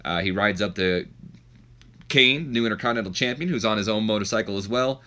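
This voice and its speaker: A man chatting his way through a wrestling management game, with casual, self-deprecating commentary. His voice is low-pitched yet bright and forceful, and he often restarts his sentences. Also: fairly quick. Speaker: game streamer. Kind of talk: casual let's-play commentary.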